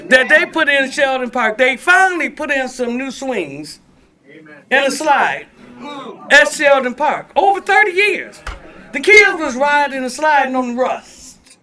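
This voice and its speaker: A man's voice: extremely high pitch, expressive, measured pace, pushed and bright, faint music behind. A man giving an emphatic, plainspoken public comment at a city commission meeting.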